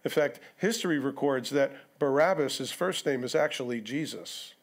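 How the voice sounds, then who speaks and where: A man's voice: mid-range voice, normal speed. A male pastor preaching an expository sermon, conversational, with rhetorical questions and asides to the congregation. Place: church sanctuary.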